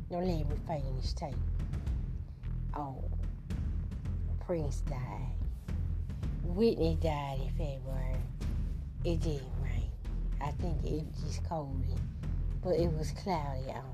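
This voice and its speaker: A woman hosting a podcast in loose, slangy casual chat, swearing freely, with music playing behind her. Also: sits low. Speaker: podcast host.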